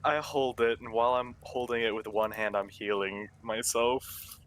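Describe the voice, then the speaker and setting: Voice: medium pitch, fairly even intonation, moderate pace, fairly bright tone. Tabletop player, playful, boastful character talk. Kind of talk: playing a tabletop game.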